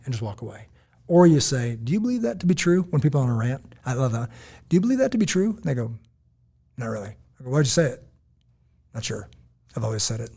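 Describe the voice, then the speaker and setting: An American man co-hosting a podcast, chatting casually and telling stories, acting out quotes in lively voices. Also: mid-range voice, husky. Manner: animated storytelling, quotes others in lively voices. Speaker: podcast co-host. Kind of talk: casual chat.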